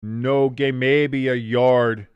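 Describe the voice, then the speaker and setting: A man hosting a live watch-along stream, calling plays casually, reading out chat and cracking jokes with loud excited bursts and swearing. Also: medium pitch, very slow, smooth, no echo, lo-fi sound. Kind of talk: casual play-by-play commentary.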